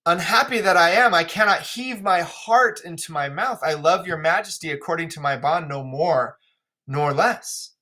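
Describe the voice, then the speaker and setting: A male teacher reading the lines of an honest, stubborn young princess in a classroom play reading, measured and earnest. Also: fairly high pitch, pushed and bright. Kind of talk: classroom play read-aloud.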